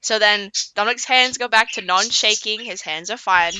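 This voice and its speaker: A woman's voice: mid-range voice, normal speed, pushed and bright, a little hiss or hum. A woman streamer retelling a story in a rambling, casual way, repeating herself and swearing.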